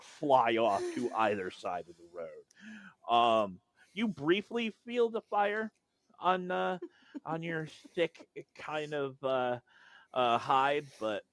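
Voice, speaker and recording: A man's voice: medium pitch, fairly bright tone, dry recording. A man narrating a tabletop game as game master, in vivid, rambling descriptions full of fillers.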